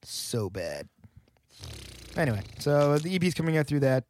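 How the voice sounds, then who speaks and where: A man's voice: on the high side, quick pace, darkish tone, a little hiss or hum. A man co-hosting a podcast, joking around sarcastically and swearing in casual chat. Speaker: podcast co-host, band member.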